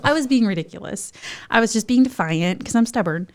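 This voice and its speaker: Animated woman telling a story. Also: fast. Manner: lively, acts out voices of others in high excited tones. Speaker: podcast guest. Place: podcast studio.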